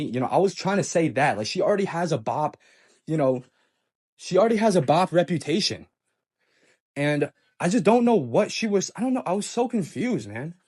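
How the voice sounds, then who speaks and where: A man's voice: a little high, a little mellow, slightly rough. A man telling a painful personal story in a casual monologue, often stammering, restarting words and sighing, with a subdued delivery. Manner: hesitant, stammering restarts and sighs.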